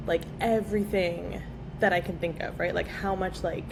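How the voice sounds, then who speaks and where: Woman guest therapist on a podcast, talkative and animated, with clear noise behind her. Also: lowish voice. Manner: fast, filler-heavy, frequent "like". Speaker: pelvic floor physical therapist guest. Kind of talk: casual podcast chat. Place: podcast studio. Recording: background noise.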